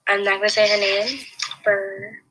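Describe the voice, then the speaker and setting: A woman's voice: mid-range voice, sing-song, moderate pace, vocal fry, noisy background. A young woman telling a personal story in casual chat, rambling along with lots of restarts and fillers. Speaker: podcast host.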